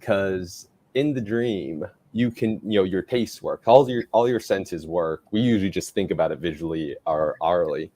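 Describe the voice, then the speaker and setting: A laid-back man speaking in a lowish voice and using plenty of fillers. The sound is dry and close. He talks in a casual chat style. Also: normal speed, few pauses, dry recording. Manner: relaxed, lots of fillers. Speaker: guest.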